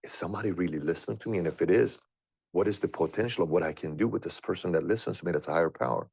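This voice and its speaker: A man's voice: low-pitched, racing, gravelly, a little mellow, slightly rough, no echo. A man in his thirties earnestly telling a personal story, full of questions and doubt. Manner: earnest, questioning, rambling delivery. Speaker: guest sharing a personal story.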